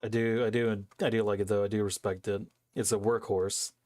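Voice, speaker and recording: A man's voice: lowish voice, level tone, fairly quick, a little mellow, no room sound, studio quality. A young man streaming from his home desk, rambling casually with a lot of profanity and correcting himself as he goes, into a headset mic right by his face. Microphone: headset mic close to face.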